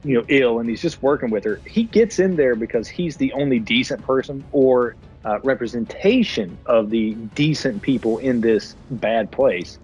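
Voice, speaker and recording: A man co-hosting a casual podcast chat about a film over beer, retelling scenes in a profane, animated way. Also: mid-range voice, normal speed, few pauses, soft background music. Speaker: podcast co-host.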